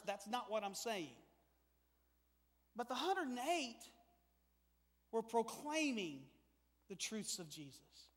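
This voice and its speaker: A man preaching a sermon in a church, animated and swinging from quiet to loud. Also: very high voice, unhurried, long pauses, big-room sound. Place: church sanctuary.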